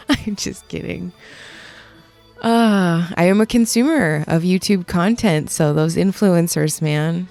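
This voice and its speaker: A young woman records a casual, rambling voiceover over her workshop footage, teasing herself as she goes. Her voice sits a little low and has a gravelly fry. Faint music plays under her words. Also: takes it slowly, a little mellow. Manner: rambling, self-mocking, laughs often. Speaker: metalsmith and video maker. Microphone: studio voiceover mic.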